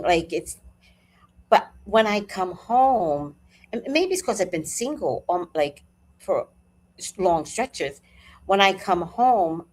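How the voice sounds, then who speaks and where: A woman hosting a live talk, chatting casually and profanely, telling a personal story and acting out what people said. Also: deep voice. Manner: animated, profane, storytelling with acted-out quotes. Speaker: host. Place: at home.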